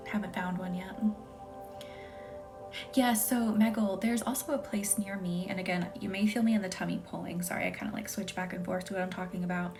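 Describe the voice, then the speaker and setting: A young woman hosting a live Reiki stream, chatting casually with viewers by name and often dropping into a soft whisper. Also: medium pitch, steady tone, moderate pace. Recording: faint music behind.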